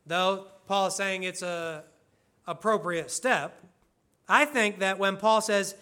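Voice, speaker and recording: A man with a high, bright voice preaches an expository sermon. He works through the text earnestly, breaking into casual, conversational asides as he explains it. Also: takes it slowly, clean tone. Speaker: pastor.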